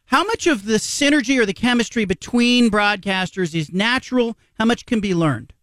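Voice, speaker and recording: High-voiced male sports talk host. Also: expressive, fairly bright tone, no echo. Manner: brisk, promotional segment wrap-ups. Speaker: interview host. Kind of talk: sports talk show hosting.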